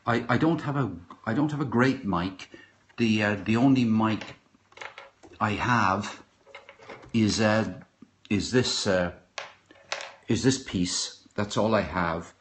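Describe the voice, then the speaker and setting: A middle-aged Irish man chatting casually on a live stream from his kitchen, rambling and halting with many fillers and restarts. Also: on the low side, slight background noise. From Ireland. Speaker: podcaster. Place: home kitchen.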